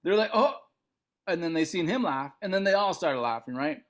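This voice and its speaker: A middle-aged man from Montana, a comedian guest telling a story on a podcast, acting out other people's lines. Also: brisk. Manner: animated, acts out other people's lines with big pitch jumps.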